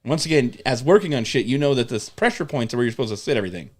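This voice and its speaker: A man in casual conversation, spinning animated job-site stories full of profanity. He talks at an ordinary pitch and mimics the people in his stories. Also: very fast. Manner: animated, swears often, acts out coworkers. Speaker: podcast guest telling work stories.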